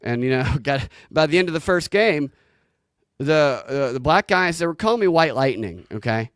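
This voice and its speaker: A man's voice: on the high side, animated, moderate pace, smooth, no room sound, clean studio sound. A man with a Southern US accent co-hosting a podcast, joking and laughing at his own lines in casual commentary. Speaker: podcast co-host.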